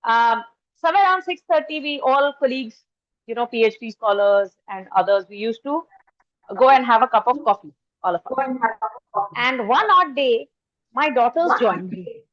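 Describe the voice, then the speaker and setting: Indian English woman trainer, high voice, chatty storytelling lecture, muffled lo-fi sound. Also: expressive, moderate pace, a bit bright. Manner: storytelling, switches into Hindi, addresses the audience directly. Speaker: faculty trainer. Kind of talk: anecdotal lecture. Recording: dull lo-fi recording.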